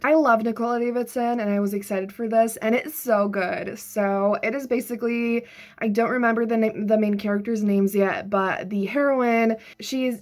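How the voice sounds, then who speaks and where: A young woman talking casually about the books she is reading, with many filler words. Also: medium pitch. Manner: chatty, lots of "like" fillers. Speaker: book vlogger. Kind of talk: casual chat.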